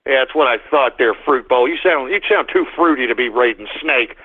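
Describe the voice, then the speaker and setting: A man's voice: mid-range voice, brisk. A male radio call-in show host, ranting and cursing heavily. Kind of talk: profane call-in show banter. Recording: narrow phone-like sound, faint music.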